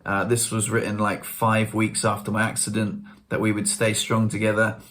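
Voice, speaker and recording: Chatty man, lower voice. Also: completely flat delivery, normal speed, a bit bright. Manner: chatty, slangy storytelling with self-mocking humour. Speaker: vlogger. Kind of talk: casual chat to camera.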